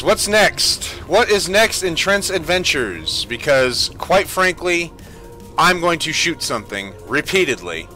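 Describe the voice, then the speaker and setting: Male streamer, gameplay commentary, exasperated ranting with plenty of swearing, bright and animated delivery. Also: on the high side. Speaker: gaming streamer.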